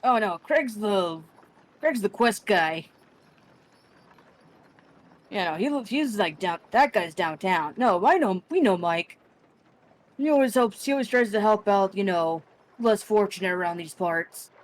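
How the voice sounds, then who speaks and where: A woman's voice: mid-range voice, animated, a little slow, pauses often. A young adult woman narrating a tabletop game as game master, rambling with lots of restarts and fillers. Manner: rambling, full of likes and restarts.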